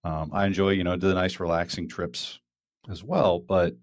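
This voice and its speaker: In a low, steady voice at a normal pace, this podcast host chats casually and rambles, often restarting and leaning on fillers. The echo-free recording is studio quality.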